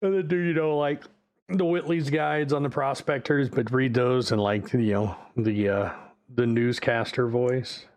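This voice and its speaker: A man's voice: mid-range voice, steady tone, a little slow, a little mellow. A male streamer in casual livestream chat, rambling, loose and profane.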